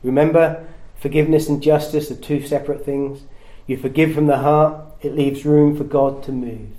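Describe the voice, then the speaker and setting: Earnest male preacher with a mellow voice. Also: fairly even intonation, normal speed. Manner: earnest, rises in pitch and volume at emphatic points. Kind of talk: sermon.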